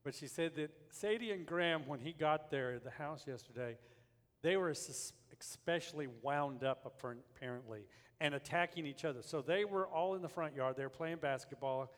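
Older man, preacher, sermon, storytelling, slightly high voice, long hall reverb. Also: moderate pace. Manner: storytelling, rising to forceful preaching. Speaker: pastor.

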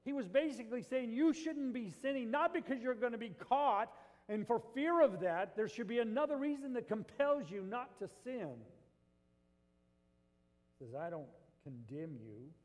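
A man preaching a sermon as pastor, swinging between loud emphasis and hushed asides. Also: very high voice, animated, moderate pace, long reverb tail.

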